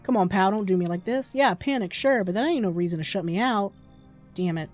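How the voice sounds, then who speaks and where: A woman voicing a slangy male drifter on the run, rough and folksy in manner. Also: mid-range voice, lively intonation, moderate pace, soft background music, natural voice. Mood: bitter.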